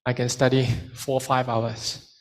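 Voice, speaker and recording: A man's voice: mid-range voice, measured pace. A man giving a study skills seminar to students and taking questions, switching into Malay now and then. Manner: lively, mixes in Malay phrases. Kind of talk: seminar talk with Q and A.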